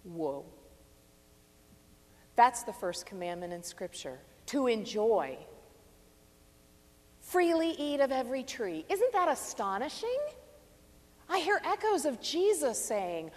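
A woman delivers a sermon slowly and thoughtfully, her fairly high voice rising and falling widely as she leans into key phrases. Her words ring out with the long reverb of a large church hall. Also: big pitch swings. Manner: reflective, measured, stresses key phrases. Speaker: preacher.

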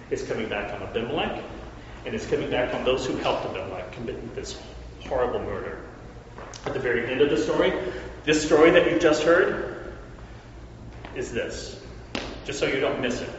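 Recorded from a distance in an echoey hall, this sermon comes through dull and with a little background noise. The preacher, speaking in a mid-range voice, tells a story in a chatty way, sprinkling in jokes.

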